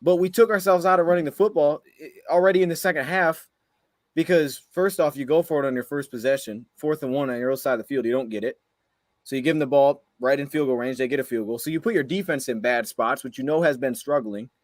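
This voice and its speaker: A man's voice: medium pitch, fast, dry recording. A man co-hosting a sports podcast, ranting heatedly after a game and firing off frustrated rhetorical questions. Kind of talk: heated post-game rant.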